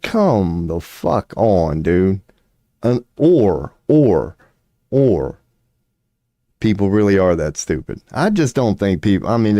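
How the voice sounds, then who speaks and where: Low, dark-voiced man ranting. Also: no echo, clean studio sound. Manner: profane, mocking, drawling. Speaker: streamer. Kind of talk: casual rant commentary.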